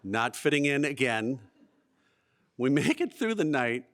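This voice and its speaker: A man's voice: mid-range voice, sing-song, measured pace, a bit bright. A man telling a self-deprecating, comic personal story live on stage before an audience. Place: museum event space before an audience.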